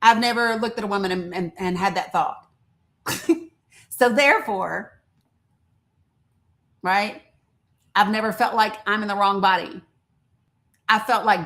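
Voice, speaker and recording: A woman's voice: mid-range voice, measured pace, pauses often, sharp tone. Woman host, older, candid live-stream chat, outspoken and folksy. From rural American South. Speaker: livestream host.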